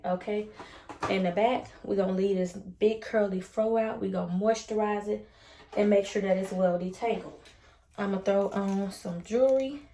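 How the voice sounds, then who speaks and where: Upbeat woman vlogger, mellow voice, casual chatty hair-tutorial talk in a roomy space. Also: medium pitch, slight background noise. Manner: chatty and upbeat, uses Southern US slang. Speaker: beauty vlogger. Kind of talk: casual chat with devotional talk. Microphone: ring light setup at home.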